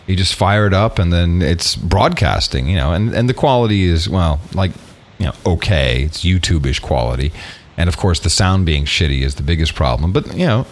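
A man co-hosting a podcast in casual chat, animated and swearing freely, often laughing. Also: low voice, moderate pace. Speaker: podcast co-host.

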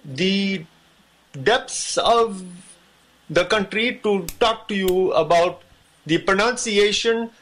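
A man voicing a pompous, flowery figure who lectures on the correct way to say a word, speaking grandly and slowly. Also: sits high, a bit bright, heavily acted. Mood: grandiose. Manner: grandiose, flowery, slow-spoken. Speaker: video maker.

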